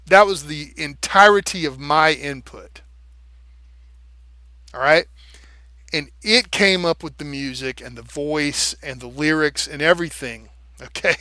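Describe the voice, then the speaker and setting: Man, livestream vlogger, bright, slightly high voice, dry close sound, profane and animated. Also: no room sound. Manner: animated, profane, explains with rhythm syllables. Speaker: live streamer. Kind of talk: casual livestream monologue.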